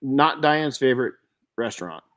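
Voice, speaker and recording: A man's voice: medium pitch, moderate pace. Middle-aged man telling stories on a podcast. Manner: storytelling, animated, frequent restarts and self-corrections. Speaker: podcast host. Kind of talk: casual podcast chat.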